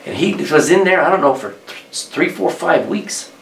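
A man's voice: lively intonation, moderate pace, vocal fry. Male preacher, conversational storyteller who pushes up hard on key lines; roomy church sound, mic set back, faint background hum. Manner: conversational, rises in pitch and volume on key points. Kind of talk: sermon with storytelling. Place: church hall with congregation. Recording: echoey room, distant mic, faint background.

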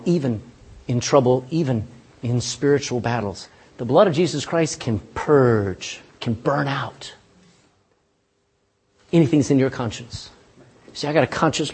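A man's voice: on the high side, darkish tone, husky. A pastor preaching a sermon in church, folksy and emphatic, talking straight to his congregation.

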